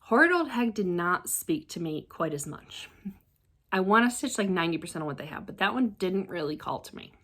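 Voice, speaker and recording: A woman chatting casually as a crafting vlogger, excitable and rambling, often trailing off and restarting. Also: lowish voice, fairly quick. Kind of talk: casual show-and-tell chat.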